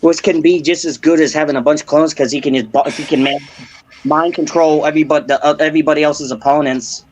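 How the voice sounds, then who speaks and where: A man's voice: a little high, fairly even intonation, quick pace, poor audio. A man from Virginia chatting casually on a live stream, rambling and correcting himself mid-sentence. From Virginia, USA. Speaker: stream panelist.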